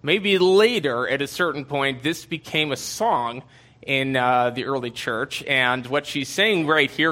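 A man's voice: fairly high pitch, pushed and bright. A man giving a casual Bible teaching in a conversational way, with many fillers and asides.

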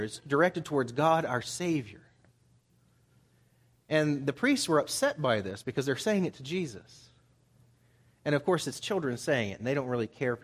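A man preaching a Bible study sermon in a conversational way, acting out the people he quotes with rising emphasis. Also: mid-range voice. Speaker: pastor.

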